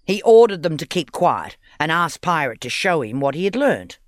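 A man narrating a children's audiobook story in an expressive, playful reading. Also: fairly high pitch, moderate pace, no echo, clean studio sound.

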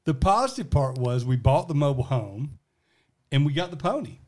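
A man's voice: mid-range voice, sing-song, normal speed, darkish tone. A man, telling stories as a podcast co-host in casual chat, with many restarts. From American South. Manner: rambling storyteller with many restarts.

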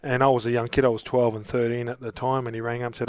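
Fast and with few pauses, a middle-aged Australian man being interviewed tells meandering anecdotes, often starting over. His mid-range voice holds a level tone, a little mellow, with no echo.

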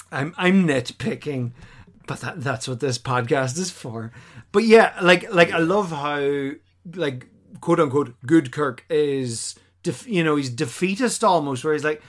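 A man hosting a casual podcast chat, animated and acting out quotes in silly voices. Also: fairly high pitch, a little slow. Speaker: podcast host.

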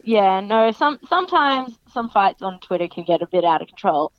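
A young adult Australian woman, a professional wrestler, chatting in an interview and lively acting out other people's remarks. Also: normal speed, dry recording. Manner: chatty, animated, acts out other people's lines in a higher voice. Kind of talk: casual interview chat. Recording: dry, dull lo-fi podcast sound.

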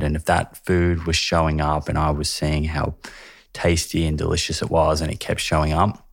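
A man hosting a podcast, asking questions in a measured, searching way with some restarts. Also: a bass voice, vocal fry, no room sound, studio quality. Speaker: podcast host. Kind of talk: conversational interview.

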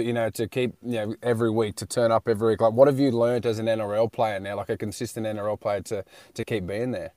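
A man's voice: lowish voice, steady tone, brisk, a little mellow, dry recording, studio quality. A man co-hosting a footy radio show from his car, talking in a matey, jokey way with lots of fillers. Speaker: co-host and rugby league player. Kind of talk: casual radio chat.

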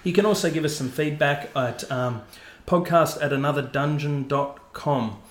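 A man's voice: on the high side, normal speed, echoey room. A man hosting a casual podcast, chatty and self-mocking, with a lot of fillers. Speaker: podcast host.

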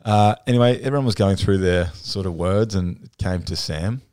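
A man's voice: low-pitched, normal speed, a little mellow, clean tone, dry recording, studio quality. An Australian man, a guest in a casual chat, telling a story with easy hesitations. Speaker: guest footballer.

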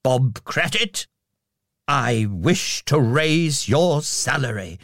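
A man voicing an old miser who is overjoyed and giddy, with high, breathless exclamations. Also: sing-song, a little slow, fairly bright tone, no room sound, clean studio sound, full character voice. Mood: tender.

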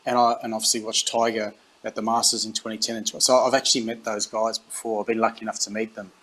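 A man's voice: fairly low pitch, quick pace, rough recording. A middle-aged Australian man in a casual interview, telling stories and acting out the dialogue, with frequent restarts. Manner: animated anecdotes, acts out quoted dialogue, frequent restarts. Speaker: interview guest, former rugby captain. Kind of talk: casual storytelling.

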